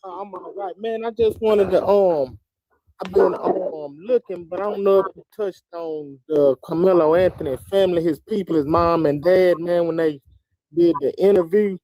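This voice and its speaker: Mellow Houston-accented caller. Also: male voice, high-pitched, moderate pace, no room sound, low-quality recording. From Houston, Texas. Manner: relaxed, hesitant, slangy. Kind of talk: casual call-in chat.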